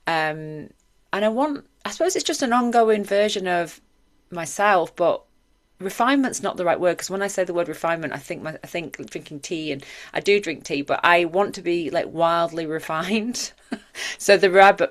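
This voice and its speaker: A woman's voice: lowish voice, moderate pace. A woman in her forties, co-hosting a podcast in earnest, reflective casual chat. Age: 40s. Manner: earnest and reflective, talks in long run-on thoughts. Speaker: podcast co-host.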